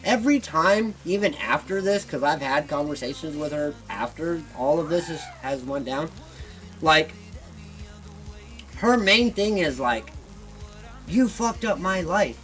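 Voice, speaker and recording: A man's voice: a little high, expressive, unhurried, fairly bright tone, poor audio. A man hosting a gaming video, telling a story as a casual, heated, profane rant. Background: faint background music.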